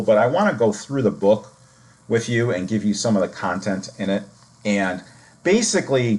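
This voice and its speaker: A man hosting a podcast, giving opinionated commentary on a book at length, with some false starts. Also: mid-range voice. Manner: opinionated, explains at length with restarts. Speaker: podcast host.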